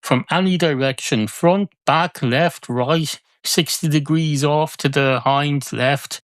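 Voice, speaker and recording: A man with a fairly high voice speaks slowly in a dry, echo-free recording. Hosting a comedy podcast by himself, he rambles through silly musings and corrects himself partway through thoughts in a comedic solo monologue.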